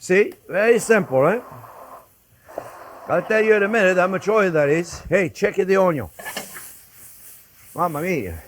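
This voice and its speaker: A man's voice: high-pitched, moderate pace, pauses often, a bit bright, slight background noise. An older man with a French accent hosting a casual cooking demonstration, chatty and joking with viewers he calls friends. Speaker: cooking show host. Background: sizzling pan in a kitchen.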